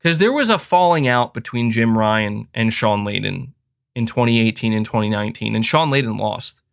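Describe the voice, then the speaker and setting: A man's voice: on the low side, lively intonation, normal speed, vocal fry, clear, resonant tone. A man hosting a podcast, talking in a casual, frustrated rant with lots of fillers and restarts. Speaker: podcast host. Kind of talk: casual opinionated chat.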